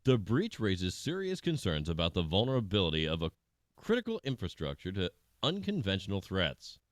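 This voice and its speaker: A man co-hosting a comedy podcast, reading news stories in a deadpan newsreader manner. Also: low-pitched, moderate pace, no room sound, studio quality. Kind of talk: mock news anchor delivery.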